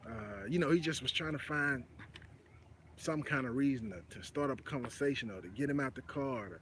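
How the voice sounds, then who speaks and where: A mid-pitched man from North Texas hosts a live commentary show, talking the news through in an easygoing storytelling way. He drifts into preachy asides and leans on "you know what I'm saying", and a faint hiss sits under his voice. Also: brisk, fairly bright tone. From Dallas-Fort Worth area, Texas. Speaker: host of a commentary channel.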